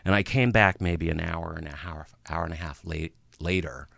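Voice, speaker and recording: A middle-aged man with a deep, gravelly voice recounts a painful personal story as an interview guest. He speaks haltingly, with pauses and restarts, and sounds emotional. The sound is dry and close. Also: a bit bright, dry recording. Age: about 50.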